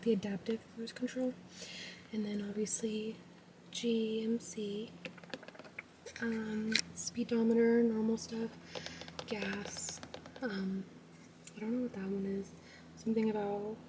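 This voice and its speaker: Young woman doing a soft asmr car tour, kinda whispery and breathless, a bit far from the mic with faint hiss. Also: a little high. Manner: chatty, filler-heavy, often dropping to a whisper. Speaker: ASMR vlogger. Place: inside a parked car.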